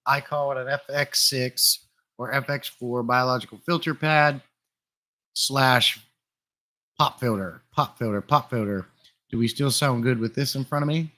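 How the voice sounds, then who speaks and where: Easygoing guy on a desk mic, livestream chat, middle pitch, fish tank room. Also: a little slow. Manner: chatty, relaxed, greets viewers by name. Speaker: livestream host. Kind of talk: casual live-stream chat. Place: room full of glass fish tanks. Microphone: desktop USB condenser mic.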